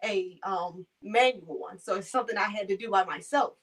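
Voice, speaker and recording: A woman's voice: mid-range voice, normal speed, recorded from a distance, poor audio. A young woman from Maryland, a caregiver, telling her stories in a casual interview and acting out the people in them. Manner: animated, acts out voices in her stories.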